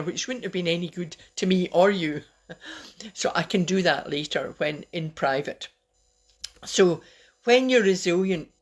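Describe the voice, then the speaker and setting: Low-voiced woman giving a chatty live talk. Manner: chatty, personal, with self-deprecating laughs. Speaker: host of a live talk on resilience. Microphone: webcam or phone on a live stream.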